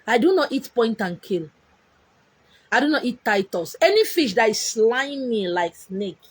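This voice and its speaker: A young adult Nigerian woman telling a comic personal story, animated and exclaiming, mixing pidgin into her English. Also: on the high side, a little slow, slightly rough, dry recording. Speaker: vlogger.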